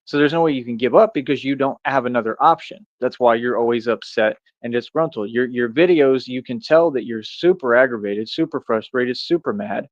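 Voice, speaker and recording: A man's voice: mid-range voice, a little fast, few pauses, dry recording, highs cut off. A man streaming a confrontational monologue, firing off repeated rhetorical questions in a casual street-talk way. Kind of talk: ranting monologue to camera.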